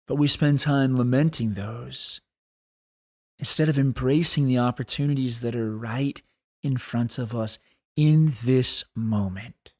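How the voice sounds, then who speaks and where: A man hosting a solo podcast, talking in an earnest, thoughtful way and slowing down to stress key points. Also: mid-range voice, darkish tone. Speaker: podcast host. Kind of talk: reflective solo podcast talk.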